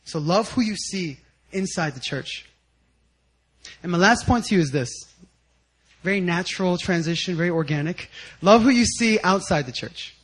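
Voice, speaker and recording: A man preaching a sermon with personal stories, animated, sometimes shouting out quotes and laughing as he tells them. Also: high-pitched, normal speed, pauses often, husky, low-quality recording. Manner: animated storytelling, acts out quotes loudly and laughs. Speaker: guest speaker at a church service.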